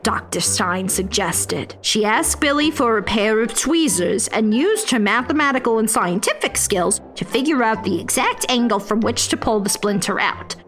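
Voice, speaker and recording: A woman narrating a children's fairy tale in a playful, expressive voice, now and then dropping to a whisper for suspense. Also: fairly high pitch, moderate pace, hardly any pauses, soft background music. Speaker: storyteller playing the fairy narrator. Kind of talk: scripted children's story narration.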